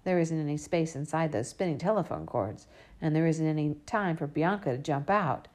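A woman reads a storybook aloud in the first person, speaking as a young girl. Her voice sits slightly low, and her reading stays lively. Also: moderate pace. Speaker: audiobook narrator.

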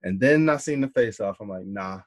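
A man's voice: medium pitch, expressive, brisk. A man in casual chat, speaking in a skeptical, matter-of-fact way.

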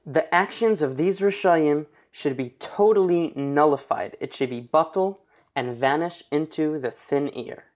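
A man narrating a religious history story in an earnest, steady retelling. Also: on the high side.

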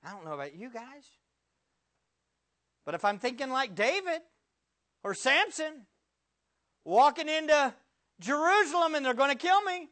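A male pastor preaching a sermon, firing rhetorical questions at the congregation and swinging from loud bursts to hushed words. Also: very high voice, very animated, a little slow, long pauses.

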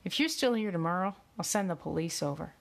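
A woman's voice: lowish voice, expressive, fast talker, gravelly. A woman voicing a dismissive male official in a suit who speaks curtly and scoffs. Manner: curt, scoffing.

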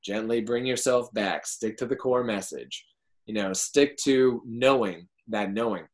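A man talking as a guest in a casual interview, excitable and quick to swear, with big jumps in pitch when fired up. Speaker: podcast guest, entrepreneur.

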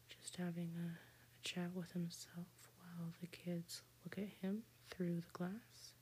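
A woman slowly retelling a cartoon story in a soft whispered role-play. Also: lowish voice, flat delivery. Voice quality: breathy whisper.

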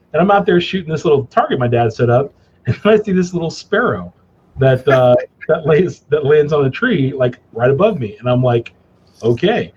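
A man guest in a casual interview, telling stories in an animated way, laughing and acting out his father's gruff lines. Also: a little high, muffled recording, a little hiss or hum. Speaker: cigar company guest.

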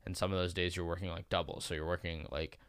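Young male podcast host, low smooth voice, loose rambling chat, dry sound. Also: flat delivery, fast talker, fairly bright tone, no echo. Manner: rambling, restarts, swears casually. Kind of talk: casual chat.

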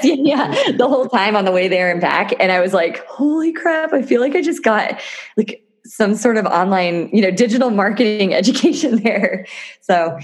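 A woman talking as a podcast guest in a casual interview, chatty and enthusiastic, often laughing. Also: fairly low pitch. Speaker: podcast guest, physical therapist turned entrepreneur.

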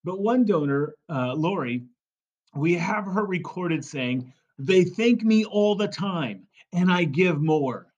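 A man's voice: sits high, expressive, slow, darkish tone, lo-fi sound. A man giving a fundraising coaching talk, emphatic and repetitive, often checking in with "right?" and "okay?". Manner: emphatic, repeats key phrases, frequent "right?" and "okay?". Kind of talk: podcast monologue.

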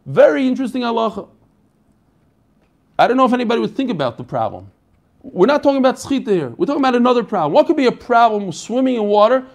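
A man's voice: extremely high pitch, sing-song, fast, creaky. A man teaching an online Talmud class in a casual, chatty way, asking questions and answering them himself.

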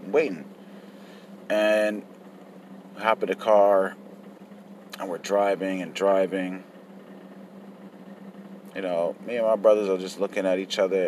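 A man's voice: low voice, a little mellow, a little hiss or hum. A man telling his childhood story in a casual, profane, reflective way. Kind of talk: personal life story.

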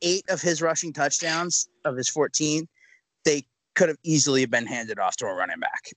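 A young man rants on a sports podcast, loud and emphatic, his fairly high voice leaping up in pitch when he gets worked up. The sound is dry and close, with no room echo. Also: moderate pace. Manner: loud, emphatic ranting with sudden pitch jumps. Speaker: podcast co-host. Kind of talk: ranting sports podcast talk.

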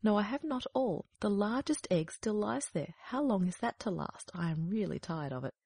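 Storybook mother duck, tired and fretful, breathy and gravelly, read by a woman. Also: mid-range voice, animated, normal speed, darkish tone.

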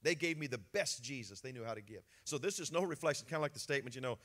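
A middle-aged male pastor preaching a sermon, swinging between soft, confiding talk and emotional outbursts. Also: medium pitch, lively intonation, racing, few pauses.

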